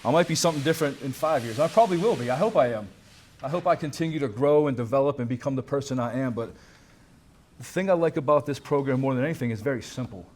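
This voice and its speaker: A man's voice: mid-range voice, fast talker, darkish tone, a little hiss or hum. A man in his thirties or forties gives a casual, candid recovery talk at a banquet, full of "man" and "dude" and the odd swear. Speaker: banquet speaker at a recovery conference. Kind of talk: personal recovery talk to a crowd. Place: banquet hall with a crowd.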